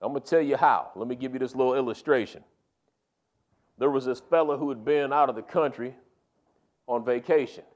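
A man preaching in a relaxed, down-home way, his voice sitting at an ordinary middle pitch. He leans on key phrases and pushes up into loud, emphatic peaks to drive home a point. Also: a little fast, long pauses. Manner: folksy, emphatic preaching with rising, punchy climaxes. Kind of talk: sermon.

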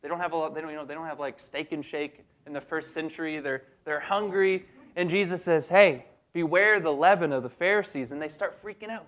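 Man preaching, casual and joking, higher voice, lively delivery. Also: fairly quick. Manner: conversational and humorous, acts out voices of the disciples. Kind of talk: sermon.

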